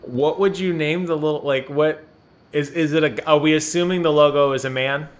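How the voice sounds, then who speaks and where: A man's voice: a little high, moderate pace. Teasing man on a muffled podcast mic. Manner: teasing, animated, laughs often. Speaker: podcast co-host. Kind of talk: casual chat.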